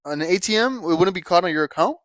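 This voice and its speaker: A man's voice: sits high, expressive, quick pace, a bit bright. A young man co-hosting a podcast, chatting casually and rambling through slangy stories full of fillers. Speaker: podcast co-host. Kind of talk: casual chat.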